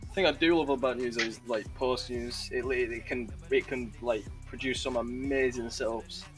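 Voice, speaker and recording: Male guest, mid pitch, brash banter, bro and mate, soft music behind. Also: steady tone, normal speed. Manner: teasing, swears freely, says bro and mate. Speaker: guest trader on a stream. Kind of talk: casual banter.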